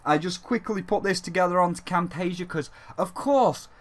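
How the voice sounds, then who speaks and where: A man's voice: high-pitched, moderate pace. A man hosting a gaming vlog, rambling and joking, swearing freely and talking as a dragon persona. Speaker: gaming channel host. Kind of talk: casual gaming vlog commentary.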